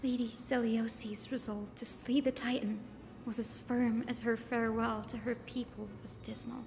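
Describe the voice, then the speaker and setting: An actress voicing a curious young female companion in a game, speaking in an inquisitive, lively way. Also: on the high side, normal speed, long reverb tail, soft background music, natural voice. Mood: narrating.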